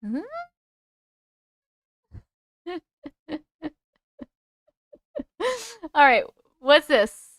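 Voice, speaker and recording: A woman in her thirties with a Long Island accent, hosting a casual live stream; she talks loudly and excitedly and laughs often. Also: high-pitched, drawn-out words, long pauses, dry recording. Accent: Long Island New York. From Long Island, New York. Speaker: YouTube live host. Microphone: close microphone.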